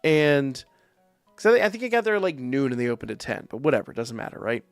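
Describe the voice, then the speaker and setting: A man streaming live, telling a profane, animated story in a casual way. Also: medium pitch, quick pace, vocal fry, no room sound, soft background music. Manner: profane, animated anecdote with quoted voices.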